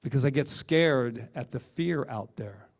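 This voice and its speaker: A middle-aged man, a minister, giving an animated, emphatic sermon full of repetitions and asides. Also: mid-range voice, measured pace.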